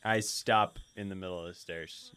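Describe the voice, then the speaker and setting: A man at a tabletop game table, describing his character's moves in a relaxed, joking way. His voice sits on the low side of the male range, easygoing and unhurried. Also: clean tone, no room sound. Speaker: player. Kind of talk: casual tabletop game play.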